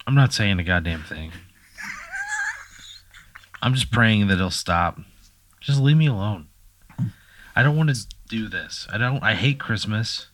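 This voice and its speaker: A man's voice: fairly low pitch, animated, unhurried, long pauses, a bit bright. A man in a casual podcast chat, answering a hypothetical with exasperated, swearing replies. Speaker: podcast co-host.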